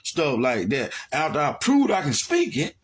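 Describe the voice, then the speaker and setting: A man's voice: fairly high pitch, huge pitch swings, normal speed, husky. A man from Alabama with an Alabama accent, giving a heated monologue rebuttal as a religious teacher. He talks in a colloquial, combative way. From Alabama, USA. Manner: colloquial and combative, repeating "man" and "you see what I'm saying".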